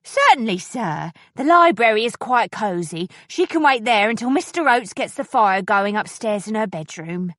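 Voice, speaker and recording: A woman voicing a bustling, fussy housekeeper who exclaims and frets, with a lively, fairly high voice. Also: moderate pace, few pauses, no room sound, clean studio sound. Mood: fussing. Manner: fussing, bustling.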